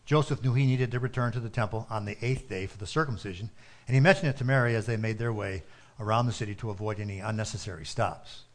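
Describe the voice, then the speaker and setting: A man narrating a story with a steady, earnest reading manner. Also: on the low side, quick pace.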